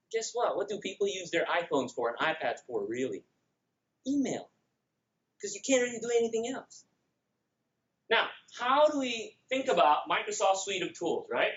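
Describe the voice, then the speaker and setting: A man with a Filipino accent and a fairly high voice works a conference room, joking and tossing questions straight at his listeners. His delivery is brisk and animated. The recording is somewhat muffled and lo-fi. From Philippines. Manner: energetic, joking, addresses the audience directly. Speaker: conference speaker. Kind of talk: lively conference presentation.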